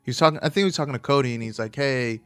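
A man's voice: medium pitch, rapid-fire, smooth. A man talking casually as a host, rambling and swearing, often stopping to correct himself. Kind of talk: casual chat about fights.

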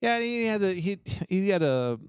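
Chatty man, animated delivery, dry room, casual banter. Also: high-pitched, normal speed, smooth, dry recording. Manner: chatty, reads facts aloud, laughs often. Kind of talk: casual podcast chat.

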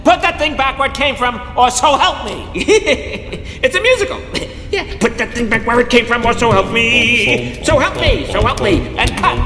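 An actor voicing a small, bossy, high-strung one-eyed male monster in an animated film, talking fast and wisecracking. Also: heavily acted. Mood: flustered cheery. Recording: film clip with echoey hall and loud music.

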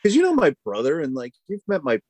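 A man's voice: fairly high pitch, wildly swooping pitch, fast talker, a little mellow. A man co-hosting a podcast, chatting casually and rambling with many fillers. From Boston area. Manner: rambling, lots of "like" and "you know". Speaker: podcast co-host. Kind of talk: casual chat.

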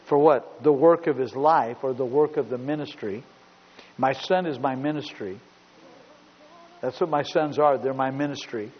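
A man's voice: mid-range voice, moderate pace. A middle-aged man preaching a sermon as pastor, telling stories emphatically and repeating points. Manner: storytelling, emphatic, repeats himself. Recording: dull recording in a big reverberant hall.

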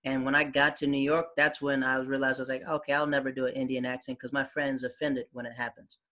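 Fast-talking male host. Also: medium pitch. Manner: fast, animated storyteller. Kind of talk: casual conversation.

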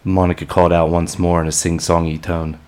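A man giving scripted narration for an audio drama in a measured, grim storytelling manner. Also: low voice, level tone, a little mellow.

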